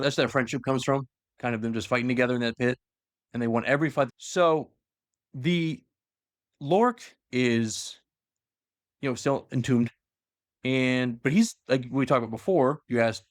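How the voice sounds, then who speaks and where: With a mid-range voice, a man casually goes over a story as a lore explainer, drifting along loosely and leaning on many fillers. The sound is clean studio audio with no room sound.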